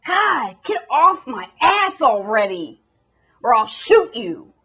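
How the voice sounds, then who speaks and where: A defiant male chairman blusters in his own defense, as a woman puts him on. The voice stays bright and animated, jumping around in pitch as he gets worked up. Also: slow pace, breathy edge, exaggerated voice. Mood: defensive.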